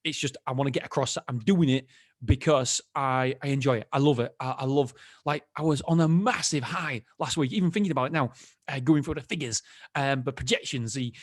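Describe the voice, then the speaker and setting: Speaking fairly fast, a man hosts his own podcast in a relaxed, rambling style, frequently breaking off mid-thought to restart. His voice is mid-range, and the audio is studio quality with no echo.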